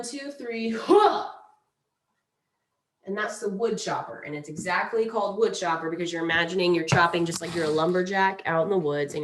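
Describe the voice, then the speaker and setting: Woman, lowish voice, playful mindfulness teacher, casual and chatty. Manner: chatty, playful, demonstrates breathing exercises aloud. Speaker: mindfulness instructor. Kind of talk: casual instructional talk.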